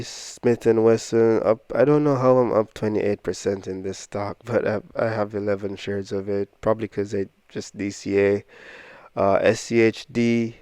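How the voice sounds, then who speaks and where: A man's voice: on the low side, darkish tone, clear, resonant tone, dry recording. A man casually walking through his stock portfolio, rambling and self-deprecating as he thinks aloud. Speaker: investing vlogger.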